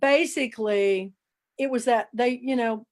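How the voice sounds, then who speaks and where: High-voiced older woman telling lively stories. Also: unhurried. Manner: lively anecdotal storyteller, acts out quoted dialogue. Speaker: author and book club founder, interview guest. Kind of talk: casual storytelling interview.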